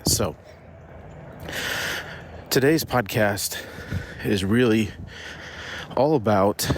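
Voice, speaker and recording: Podcast host, male, low-ish voice, slightly winded from walking outside, casual and rambling, faint outdoor hum behind. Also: extremely slow. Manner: conversational, rambling with restarts. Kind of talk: casual business podcast monologue. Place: outdoors on a morning walk.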